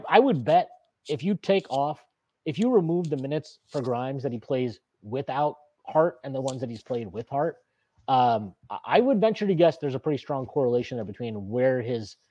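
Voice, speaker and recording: A man's voice: medium pitch, lively intonation, moderate pace, dark tone, breathy edge. A man co-hosting a sports podcast, talking in a casual, opinionated rant that keeps restarting and swearing. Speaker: podcast co-host.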